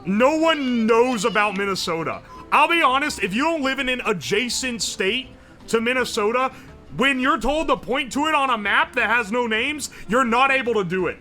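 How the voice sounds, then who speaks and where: A young man from West Virginia holds forth on his livestream, loud, profane and quick to joke. His voice sits high and rings very bright and sharp, a little worn from hours of yelling, with faint music playing under him. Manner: loud, profane, joking, yells a lot. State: sore throat from streaming. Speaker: streamer. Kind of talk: casual livestream chat reading chat.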